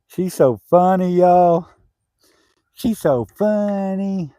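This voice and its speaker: A man's voice: on the high side, measured pace, no echo. A man, chatting casually and teasing his wife while talking to his viewers. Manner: teasing, playful, addresses viewers. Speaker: homesteading vlogger. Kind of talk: casual live chat.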